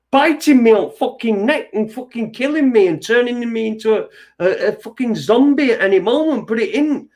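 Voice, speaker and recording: A man's voice: extremely high pitch, darkish tone. A man hosting an internet radio show, ranting in a sweary, agitated, rambling way with many restarts. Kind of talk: ranting monologue.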